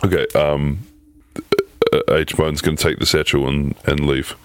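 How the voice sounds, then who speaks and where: A man's voice: very deep voice, level tone, a little slow, a bit bright, clear, resonant tone. A man playing a tabletop game, laid back and telling what his character does. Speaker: player. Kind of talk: casual tabletop play.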